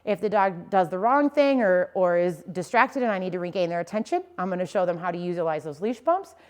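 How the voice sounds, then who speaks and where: A woman's voice: lowish voice, animated, brisk. A young adult woman teaching dog owners in an easygoing, conversational way. She explains each step plainly and keeps checking that her listeners follow. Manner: casual and explanatory, often checking in with "okay?" and "right?". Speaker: dog trainer. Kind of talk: instructional talk to dog owners.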